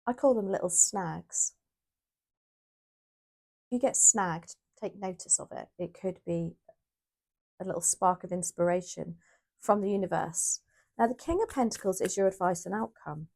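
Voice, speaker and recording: A woman with a lowish, gravelly voice chats her way through a tarot reading. She is casual and a little rambling, thinking aloud and correcting herself as she goes. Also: normal speed, long pauses, dark tone. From United Kingdom. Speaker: tarot reader.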